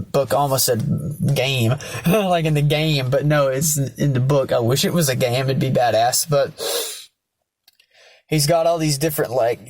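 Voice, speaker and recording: A man's voice: medium pitch, dry recording. A young man casually and ramblingly retelling a story, swearing and using many fillers. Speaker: vlogger.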